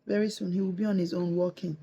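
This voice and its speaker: A woman's voice: lowish voice, steady tone, fast, creaky, dark tone, breathy edge, muffled recording. A woman in her thirties, a mother chatting casually in a home vlog, teasing her baby with frequent laughter and reassuring her viewers. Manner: playful, laughs often, coos and teases; reassuring, addresses viewers directly. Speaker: mother and family vlogger.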